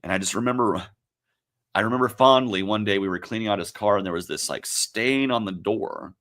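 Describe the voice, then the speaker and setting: A man turning forty, hosting his own livestream and talking in a reflective, halting, emotional way, with many pauses and fillers. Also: fairly low pitch, a bit bright. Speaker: livestream host. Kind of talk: casual livestream talk.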